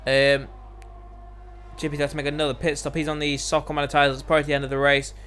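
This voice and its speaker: Bright, excitable man calling a sim race. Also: a little high, fast talker, a little hiss or hum. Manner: excitable, voice climbs during overtakes. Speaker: lead commentator for an online sim racing league. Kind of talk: live race commentary.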